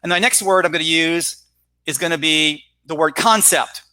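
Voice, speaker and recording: A man's voice: a little high, brisk, pushed and bright, no echo. A middle-aged man giving a conference talk on teaching vocabulary, explaining with energy and checking in with his listeners with "right?" and "all right?". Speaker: ESL teacher presenting at a conference.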